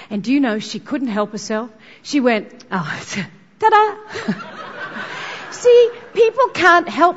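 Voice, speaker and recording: An exuberant woman working a crowd as a motivational speaker. Her voice is high and swings wildly in pitch, heard through a muffled, echoey hall recording with music faint underneath. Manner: exuberant, shouts ta-da. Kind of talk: energetic stage keynote.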